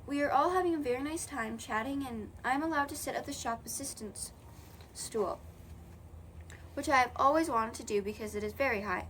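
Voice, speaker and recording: A woman's voice: sits high, a bit bright, slight background noise. A young woman reading a children's novel aloud in a casual way, correcting her own slips as she goes. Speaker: audiobook reader.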